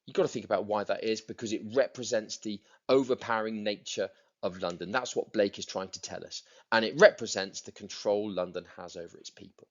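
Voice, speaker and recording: Low-voiced male teacher explaining a poem. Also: brisk, dull audio. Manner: explanatory, repeats words for emphasis, taps out rhythms. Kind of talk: recorded lesson for students.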